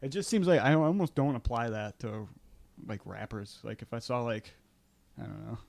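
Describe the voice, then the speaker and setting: A man's voice: mid-range voice, normal speed, vocal fry, darkish tone, no room sound. A man co-hosting a casual podcast, laid-back, laughing often and swearing freely. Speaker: podcast co-host. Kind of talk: casual chat.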